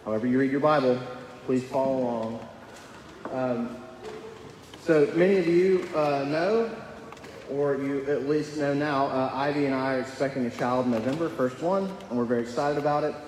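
A young man preaches a sermon in a relaxed, conversational way, earnest and full of small fillers and restarts. His voice sits at an ordinary middle pitch. It carries the long, roomy echo of a church hall, with a faint hum of room noise behind him. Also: normal speed. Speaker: pastor. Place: church sanctuary.

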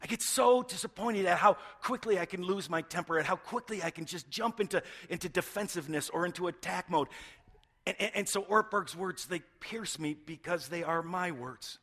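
With a high-pitched voice that has a breathy edge, a middle-aged pastor preaches at a moderate pace. His sermon is earnest, full of restarted words and shifts between loud stresses and soft, hushed moments.

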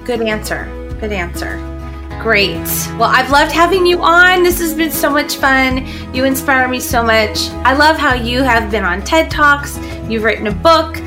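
A woman hosting a podcast interview, effusive and full of praise as she asks quick questions. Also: sits high, lively intonation, music in the background. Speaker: podcast host. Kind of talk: casual interview chat.

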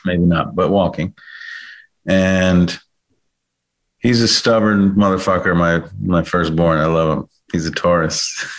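A man's voice: low-pitched, steady tone, slow pace. A man in his thirties, a guest telling a personal story candidly, swearing freely and correcting himself as he goes. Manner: frank, swears freely, rambling self-corrections.

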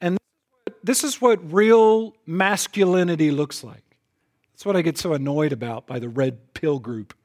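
Emphatic preacher man with a higher voice. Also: a little slow. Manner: emphatic, repeats words when starting a phrase; swings between loud punches and soft lowered asides. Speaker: pastor. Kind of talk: sermon.

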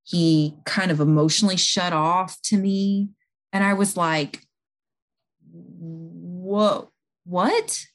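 A woman's voice: fairly low pitch, steady tone, a little slow. A woman who works in home health, earnestly explaining a patient story in a conversation, with fillers and restarts along the way.

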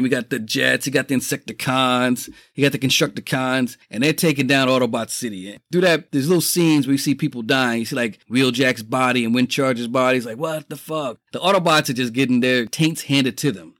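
A middle-aged man from the Bronx, hosting a casual solo podcast, telling stories excitedly, swearing freely and laughing often. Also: mid-range voice, no echo, clean studio sound. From the Bronx, New York. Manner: excitable, profane, laughing storyteller. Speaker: podcast host.

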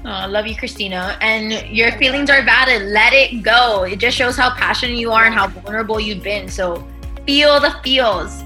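A woman's voice: on the high side, fairly quick, hardly any pauses, pushed and bright, faint music behind. A woman co-hosting a podcast, encouraging listeners and inviting them to reach out. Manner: encouraging, upbeat, addresses listeners directly. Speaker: podcast co-host. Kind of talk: casual podcast chat.

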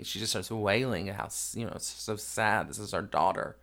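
Grieving man, low-voiced podcast host, profane and candid, swings between hushed and loud. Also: a little fast, few pauses. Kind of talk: raw emotional storytelling.

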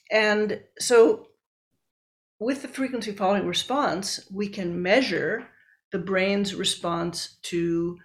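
A woman's voice: lowish voice, creaky. A woman researcher and book author explaining her work step by step in an interview.

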